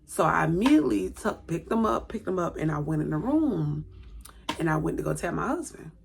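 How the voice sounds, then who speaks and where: A woman's voice: deep voice, expressive, a little fast, creaky, slight background noise. A woman in her late thirties telling a personal story on camera at home, repeating words for emphasis and acting out what people said. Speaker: vlogger. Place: indoors at home, by a light.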